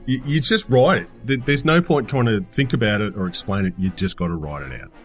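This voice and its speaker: Just-woken Australian man, animated pitch. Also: fairly quick, faint music behind. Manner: rambling, stop-start.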